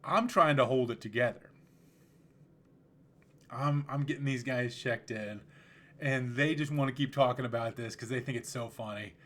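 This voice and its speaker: A man hosts his own podcast, telling stories in a relaxed, rambling way. He often restarts his sentences, and his voice sits at an ordinary middle pitch. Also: normal speed, long pauses. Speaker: podcast host. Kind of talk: casual storytelling.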